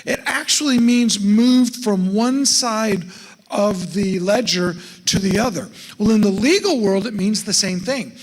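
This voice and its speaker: A middle-aged man with a high voice gives a folksy seminar talk to a church congregation. He keeps putting questions to his listeners as he goes. His voice rings out with a long reverb off the sanctuary walls. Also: measured pace. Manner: folksy, asks the audience questions. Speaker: estate planning speaker at a church.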